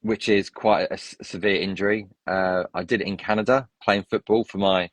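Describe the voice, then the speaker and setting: A man with a lowish voice tells long stories in a casual interview. He rambles, starts sentences over and wanders off on tangents. His voice is recorded dry and close. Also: fairly even intonation, normal speed, dry recording. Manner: rambling, full of restarts and tangents. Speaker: interview guest. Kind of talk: casual storytelling.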